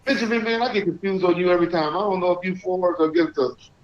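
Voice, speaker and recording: A man hosting a live call-in stream, chatting casually and reading out shout-outs to viewers. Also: high voice, fairly even intonation, quick pace. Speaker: livestream host. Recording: echoey, dull lo-fi stream audio.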